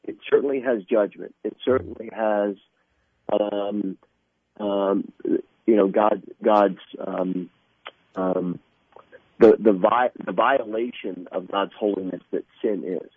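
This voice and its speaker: A man speaking as a guest in a radio interview, earnest and halting, often restarting his sentences. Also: lowish voice, steady tone, breathy edge, no room sound. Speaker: guest from an evangelistic ministry. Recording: tinny phone line.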